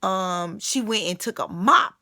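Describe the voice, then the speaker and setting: A woman's voice: medium pitch, unhurried, bright, forceful tone. A woman voicing a young female inmate who gossips in a rambling, chatty way. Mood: gossiping.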